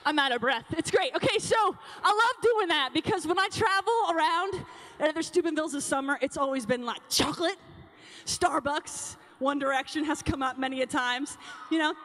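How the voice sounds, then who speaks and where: A woman's voice: high voice, moderate pace, fairly bright tone. A young adult woman speaking to a conference of teen girls in a bubbly, chatty way, calling out to the crowd. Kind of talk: energetic talk to teen girls. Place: large conference hall. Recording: long hall reverb.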